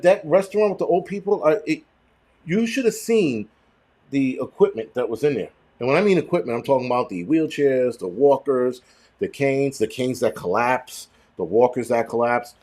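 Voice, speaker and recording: Guy rambling on his stream, swears constantly, gets worked up. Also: mid-range voice. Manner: profane, rambling, animated. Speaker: host. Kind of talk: casual livestream chat.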